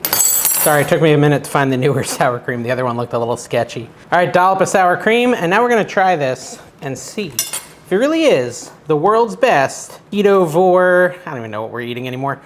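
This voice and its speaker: A man's voice: fairly high pitch, very animated, quick pace, a little hiss or hum. A man hosting a casual cooking vlog from his kitchen, chatting as he cooks in an unsure, self-deprecating way. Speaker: cooking show host.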